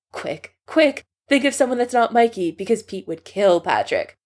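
A woman reading a fan story aloud with expressive narration. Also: fairly high pitch, normal speed. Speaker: story reader.

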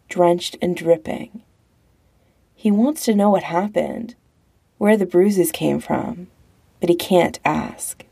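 Slow, gravelly woman narrator. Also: on the low side, warm tone. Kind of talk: audiobook narration of a romance story.

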